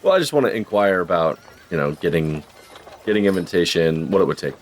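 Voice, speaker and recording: Deep-voiced guy playing a tabletop game, polite and a bit hesitant, pitch jumps around. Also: sing-song, brisk, slight background noise. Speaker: player. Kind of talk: tabletop role-play.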